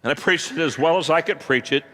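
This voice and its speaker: A man who is a pastor, preaching a sermon and telling stories, swinging from hushed to loud. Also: fairly high pitch, fast.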